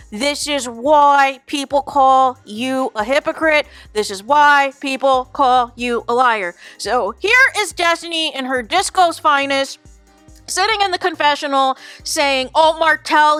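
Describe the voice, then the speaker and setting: High bright-voiced woman reaction host. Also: no echo. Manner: chatty, addresses viewers as "you guys". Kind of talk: casual reality-TV commentary.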